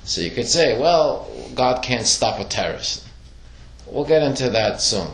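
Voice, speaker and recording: Animated man teaching in an echoey room. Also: medium pitch, a little slow. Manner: questioning, animated storytelling with acted quotes. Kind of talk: classroom Torah lesson.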